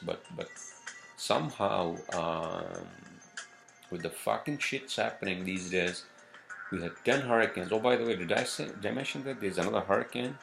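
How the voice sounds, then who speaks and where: A man with a deep, gravelly yet fairly bright voice hosts a solo podcast. He rambles off-script and meanders, full of profanity, fillers and restarts.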